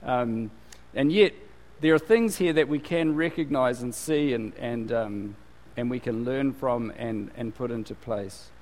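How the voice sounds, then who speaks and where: A man's voice: mid-range voice, unhurried, a little mellow. A male pastor giving a conversational sermon, full of fillers and restarts. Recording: long hall reverb.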